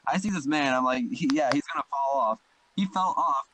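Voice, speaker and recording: A man's voice: medium pitch, fairly quick, fairly bright tone, a little hiss or hum, rough recording. A man co-hosting a casual podcast, telling stories in a rambling way with many "like" and "um" fillers and setting up the next topic. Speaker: podcast co-host. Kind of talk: casual chat among friends.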